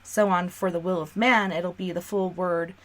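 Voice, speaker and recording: A woman's voice: on the low side, fairly even intonation, moderate pace. A woman hosting a radio talk show, sharing her beliefs earnestly in casual conversation. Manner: earnest, talks through beliefs. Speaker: radio host.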